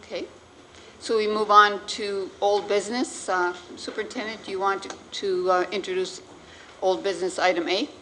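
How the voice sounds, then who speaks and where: A woman, the board president, chairing a public meeting in a relaxed, joking way. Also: medium pitch, moderate pace, a little hiss or hum. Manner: relaxed, joking, laughs easily.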